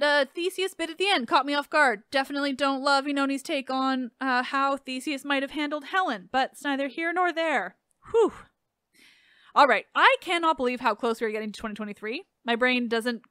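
A woman's voice: sits high, a bit bright, clear, resonant tone, dry recording, studio quality. A woman hosting a podcast, chatting casually in a sarcastic, self-deprecating way. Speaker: podcast host.

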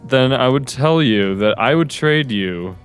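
A man's voice: medium pitch, animated, a little slow, clean tone, faint music behind. A man chatting casually while playing, with dry, grumbling asides. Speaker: co-player. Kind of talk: casual gameplay chat. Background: game gunfire.

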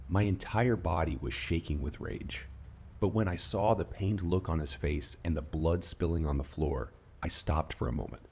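Deep-voiced man narrating a horror story. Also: normal speed, a little mellow, husky. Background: faint rain ambience.

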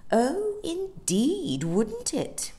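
A woman's voice: sits low, wildly swooping pitch, slow pace, exaggerated voice. A woman voicing a prim, self-assured nanny in a storybook reading, curt and superior.

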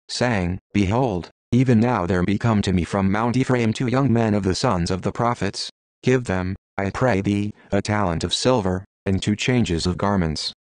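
A man giving a measured, solemn reading of King James scripture. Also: fairly low pitch, no echo. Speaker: Bible reader.

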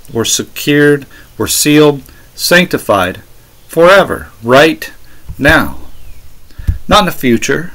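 A man's voice: mid-range voice, a bit bright. A man giving a rebuttal commentary on a sermon recording in an argumentative, sarcastic way, repeating his points insistently. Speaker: religious commentator.

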